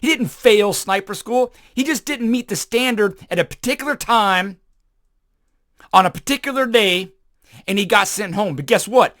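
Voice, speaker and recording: Emphatic high-voiced man telling war stories. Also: normal speed, no echo, clean studio sound. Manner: emphatic, punchy, sudden loud bursts; repeats words and phrases for emphasis. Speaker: podcast host and former Army sniper. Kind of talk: motivational storytelling monologue.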